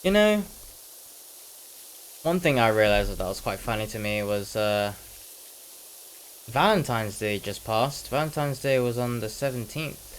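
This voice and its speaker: A man's voice: medium pitch, lively intonation, a little slow, long pauses, soft background music, rough recording. A nineteen-year-old man chatting casually while playing a game, rambling and making jokes at his own expense, now and then slipping into a mock British slang voice. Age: teens. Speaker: gaming commentator.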